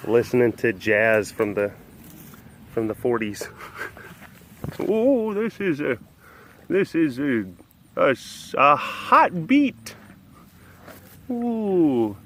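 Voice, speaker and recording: A man's voice: mid-range voice, big pitch swings, takes it slowly, pauses often, fairly bright tone, slight background noise. A man hosting a casual walk-around webcast outdoors at an animal facility, rambling with lots of fillers and restarts. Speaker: vlog host.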